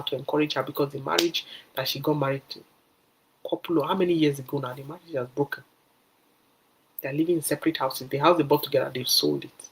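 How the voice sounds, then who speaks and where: A woman's voice: low-pitched, husky, low-quality recording. Emphatic woman giving marriage advice. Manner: emphatic, repetitive, acts out quoted voices. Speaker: speaker at a singles fellowship. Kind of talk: animated testimony and advice.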